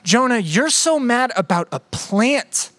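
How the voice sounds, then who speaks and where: High-voiced male preacher, dry sound. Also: sing-song, fairly bright tone, dry recording. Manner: conversational and playful, swinging between quick asides and slow emphatic phrases. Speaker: pastor. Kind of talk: sermon.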